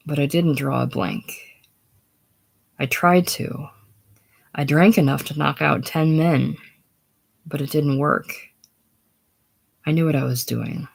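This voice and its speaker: A reader voicing a weary, cynical man worn down by grief and drink, in a listless monotone, in a casual play reading. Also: mid-range voice, takes it slowly, creaky, pauses often, husky, full character voice.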